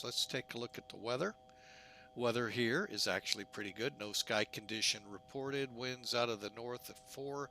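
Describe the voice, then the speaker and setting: An unhurried man chats through his flight sim setup in a bright, forceful voice, joking and teasing himself along the way. A faint hum sits under his casual commentary. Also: on the low side. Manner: chatty, jokey, self-mocking. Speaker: flight simulator streamer.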